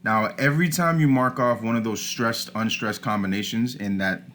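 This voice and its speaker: A man's voice: fairly low pitch, normal speed, fairly bright tone. A man teaching a recorded lesson over slides, informal, often starting with "all right" and correcting himself.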